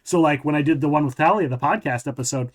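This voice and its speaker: A man's voice: a little high, quick pace. A man hosting a podcast, chatting casually and often restarting his sentences as he thinks aloud. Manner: rambling, self-correcting talk. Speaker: podcast host.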